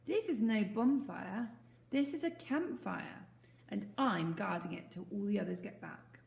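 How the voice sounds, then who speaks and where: A woman's voice: fairly low pitch, fairly even intonation, normal speed, creaky, slight background noise. A woman voicing a cheerful, confident young Boy Scout who talks in a breezy, teasing way. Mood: surprised. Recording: roomy echo.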